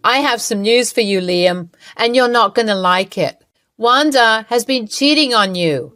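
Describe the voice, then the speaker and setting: A woman's voice: a little high, expressive, a little slow, fairly bright tone, no echo, studio quality, pitched above the performer's own voice. A woman voicing a smug, scheming middle-aged mother-in-law in a storybook narration. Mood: gloating.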